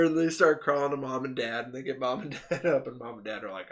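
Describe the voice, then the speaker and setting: A man co-hosting a podcast in casual chat, telling animated stories, laughing often and mimicking the people in them. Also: mid-range voice, fairly quick. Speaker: podcast co-host.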